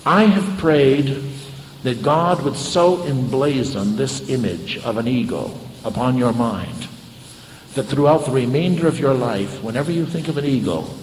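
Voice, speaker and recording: A man preaching a sermon, telling a story dramatically and moving from loud passages to hushed ones. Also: medium pitch, lively intonation, measured pace, slight background noise. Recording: echoey hall with faint ambience.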